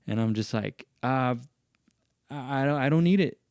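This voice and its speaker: A man hosting a podcast, telling a story in casual chat and acting out what other people said in raised, animated voices. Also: medium pitch, moderate pace, clean tone, no echo, studio quality. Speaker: podcast host.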